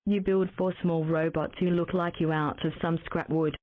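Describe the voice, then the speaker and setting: A woman's voice: sits low, fairly even intonation, normal speed, no echo. Woman, text-to-speech, game narration, mechanical, tinny phone-like sound. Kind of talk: synthetic reading of game text.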